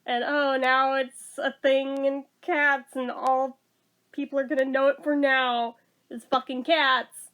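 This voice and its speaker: A woman's voice: high-pitched, flat delivery, takes it slowly, a bit bright, lo-fi sound. A woman giving a casual movie review, sarcastic and blunt, swearing freely.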